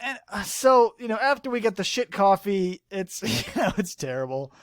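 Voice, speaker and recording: A high-pitched man hosting a casual podcast. He tells the story in an animated, rambling way and swears freely. The recording is dry and close. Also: normal speed, dry recording. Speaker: podcast host. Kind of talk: casual chat.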